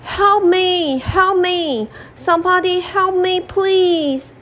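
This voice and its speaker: A woman voicing a proud, boastful male lion in a children's storybook reading, her voice raised high. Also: animated, slow, slight background noise. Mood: pleading.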